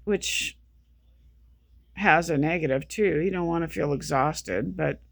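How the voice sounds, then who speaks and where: An exhausted, sleep-deprived vlogger rambles slowly through a casual monologue, circling back and repeating points. The voice drags with a gravelly fry and sounds close and dry, with no room around it. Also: mid-range voice, fairly bright tone, no room sound. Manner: rambling, repetitive, restarting sentences. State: feeling sick.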